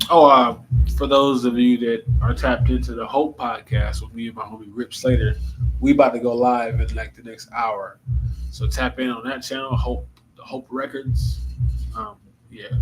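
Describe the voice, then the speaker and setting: A man's voice: medium pitch, moderate pace, slight background noise, rough recording. A man talking casually and reflectively to his viewers, a little tired, addressing them as y'all. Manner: relaxed, musing, speaks to viewers as y'all. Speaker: vlogger. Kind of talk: casual reflective vlog talk.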